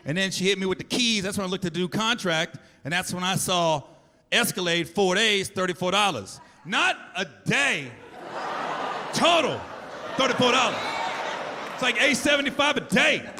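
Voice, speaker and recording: A male stand-up comedian telling a story on stage in an animated, profane and punchy way. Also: sits high, normal speed, a little hiss or hum. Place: large live venue. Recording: live hall recording with loud crowd.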